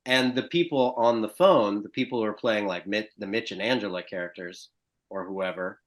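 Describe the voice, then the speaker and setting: A man's voice: fairly low pitch, moderate pace. A man guest on a podcast, telling stories in casual conversation and acting out the voices of people he quotes. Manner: animated storyteller, acts out quoted voices. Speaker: actor and stand-up guest.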